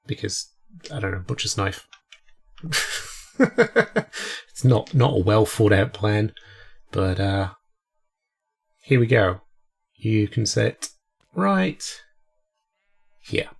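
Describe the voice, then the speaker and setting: A man's voice: on the low side, very animated, slow pace, creaky, long pauses, husky, soft background music. A man with a cold, chatting casually and rambling through his gameplay commentary as host. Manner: rambling, chatty, self-deprecating. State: sick with a cold. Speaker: let's play host.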